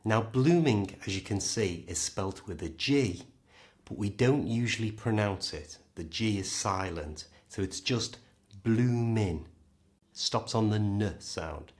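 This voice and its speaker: A man with a British accent teaching a pronunciation lesson, modelling each word slowly and clearly. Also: fairly low pitch, animated. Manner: slow, clear, modelling words for the learner. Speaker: English teacher.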